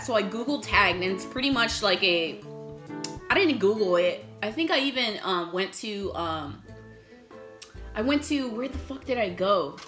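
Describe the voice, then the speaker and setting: Bright-voiced young woman telling a story. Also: medium pitch. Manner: animated, swears often, acts out texts. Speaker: vlogger. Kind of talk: casual storytime while eating.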